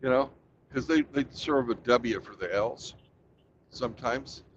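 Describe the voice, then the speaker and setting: A man co-hosting a casual chat, telling stories in a lively way and swearing freely. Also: mid-range voice, unhurried, slightly rough. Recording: muffled lo-fi with faint background noise.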